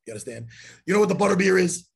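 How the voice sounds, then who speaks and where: A man hosting a podcast, telling a story in a profane, animated way and acting out the lines of the people in it. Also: high voice, rapid-fire, vocal fry, breathy edge. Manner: profane, animated storyteller who acts out quotes. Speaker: podcast host. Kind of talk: casual storytelling chat.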